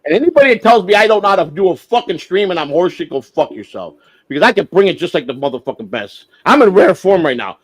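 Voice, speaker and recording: A man hosting a livestream, ranting with heavy swearing, flaring loud and then dropping to a mutter. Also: high-pitched, very animated, quick pace, rough recording. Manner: profane, heated, swings from shouting to muttering. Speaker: livestream host. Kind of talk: unscripted livestream rant.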